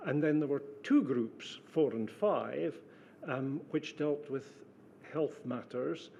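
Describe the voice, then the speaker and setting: An older man giving formal testimony as a witness, precise and measured, pausing with fillers. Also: medium pitch, vocal fry, dark tone, highs cut off, slight background noise. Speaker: witness, former civil servant.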